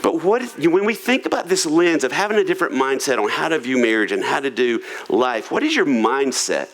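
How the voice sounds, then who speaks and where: A man's voice: medium pitch, lively intonation, a little fast, a bit bright, rough recording. A man preaching a sermon in a humorous, conversational, self-deprecating way. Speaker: pastor. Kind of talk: sermon on marriage. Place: church auditorium.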